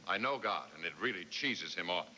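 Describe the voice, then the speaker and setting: Dry, stern heavenly boss; low voice with a lively pitch, from a hissy VHS dub. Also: male voice, a little fast. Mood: deadpan. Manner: deadpan, dry. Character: wry male heavenly overseer, dry and stern. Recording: noisy VHS tape of a TV broadcast.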